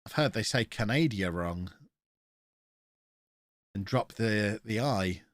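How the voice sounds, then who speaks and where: A man streams his game live, his stuffy nose showing as he rambles and jokes with viewers. His voice swings freely up and down in pitch. The sound is close and dry, with no room around it. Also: expressive, takes it slowly, dry recording. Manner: chatty, jokey, reacts to chat. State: blocked nose.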